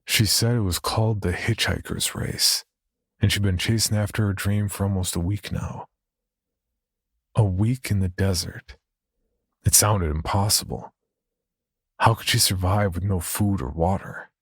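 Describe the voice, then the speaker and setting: Deep husky man narrating horror. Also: unhurried, pauses often, dry recording, clean studio sound. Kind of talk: first-person horror story narration.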